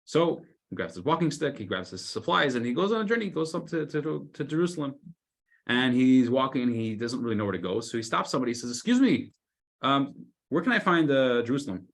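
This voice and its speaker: A man, a rabbi, telling a story in a weekly Torah class, loudly acting out the scolding characters. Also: medium pitch, fast, creaky. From United States. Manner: animated storyteller, shouts the lines of scolding characters.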